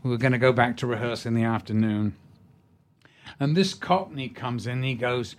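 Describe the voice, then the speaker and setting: A man's voice: medium pitch, moderate pace. An older man from Britain, an actor telling stories casually, stumbling over words and laughing often. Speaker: actor guest.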